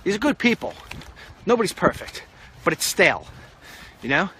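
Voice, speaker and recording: A man's voice: high voice, sing-song, moderate pace, sharp tone, a little hiss or hum. A middle-aged man giving a rambling, confident walk-and-talk vlog commentary outdoors on a street, recorded on a handheld phone. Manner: rambling, confident, talks to the president directly. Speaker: political vlogger.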